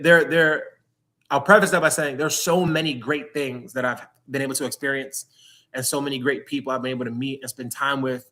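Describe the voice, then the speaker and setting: A man from New York City talks in a candid interview, earnest and reflective, stopping and restarting his thoughts. His voice is bright and forward, at an ordinary pitch for a man. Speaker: guest.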